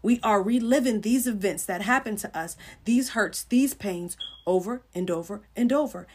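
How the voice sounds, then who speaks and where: Speaking at a moderate pace, a middle-aged woman with a medium-pitched, slightly rough voice delivers an informal sermon on her Christian livestream. She talks to viewers earnestly and conversationally, greeting each by name.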